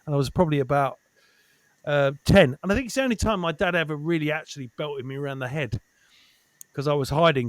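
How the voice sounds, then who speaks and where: A man from Essex, a comedian guest in casual chat who is animated, swears and repeats himself for emphasis. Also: on the high side, fast, no room sound. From Essex, England.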